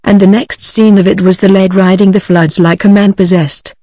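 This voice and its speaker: A synthetic woman's voice with a British English accent reads a story aloud as an audiobook. Her reading is even and machine-made, at a middle pitch. The sound is dry and close, with no room echo. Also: normal speed. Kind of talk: scripted audiobook narration.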